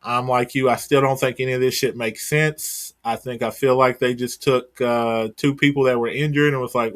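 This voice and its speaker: Man, mid-pitched, casual rambling podcast chat, swears offhandedly, wrestling recap co-host. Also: steady tone, moderate pace, few pauses, fairly bright tone.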